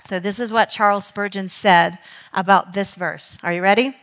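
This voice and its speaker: A woman teaching a Bible study in church, earnest, reading quotations slowly and now and then correcting herself. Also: medium pitch, a bit bright. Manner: earnest, reads quotes slowly, with self-corrections. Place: church hall.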